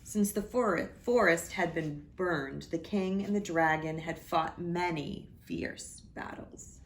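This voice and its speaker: A woman reading a children's picture book aloud at church story time. Her voice is low and gravelly, and she takes the story slowly, gently pointing out the pictures. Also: slight background noise.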